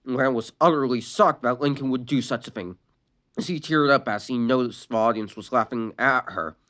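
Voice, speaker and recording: A storyteller reading a fan-written sad story aloud, expressive and stumbling on a few words. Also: mid-range voice, moderate pace.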